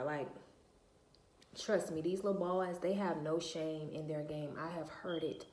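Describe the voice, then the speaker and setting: A woman's voice: low voice, little pitch movement, unhurried, a little mellow. A woman, venting bluntly and profanely to her viewers in a casual rant. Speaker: vlogger. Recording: echoey room.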